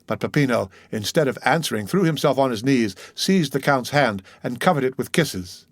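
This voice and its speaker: A man narrating an audiobook of a classic novel in a steady reading voice. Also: mid-range voice, moderate pace, no echo, studio quality. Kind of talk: scripted narration.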